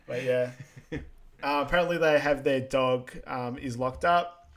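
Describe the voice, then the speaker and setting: A man's voice: medium pitch, measured pace. A man, recapping a film and agreeing briefly. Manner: relaxed, brief agreeing replies. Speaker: podcast co-host. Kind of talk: casual chat rewatching a film.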